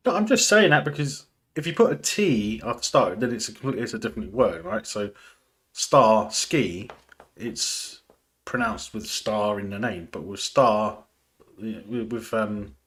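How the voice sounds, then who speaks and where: A man's voice: on the low side, fairly bright tone. A man casually chatting and joking as he hosts a film watch party, laughing often. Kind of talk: casual live commentary while watching a film.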